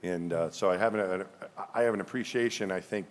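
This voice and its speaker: A man's voice: low voice, fast, long reverb tail. A man from the New area, speaking reflectively as an astronaut guest on a live panel, often repeating words as he thinks. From New York area, USA. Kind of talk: panel discussion on stage.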